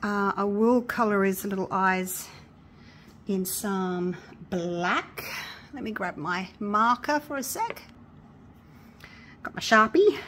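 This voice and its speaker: A woman chatting casually through a resin crafting tutorial, excitable and gushing with delight. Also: mid-range voice, slow pace, pauses often, a little hiss or hum. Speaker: craft vlogger.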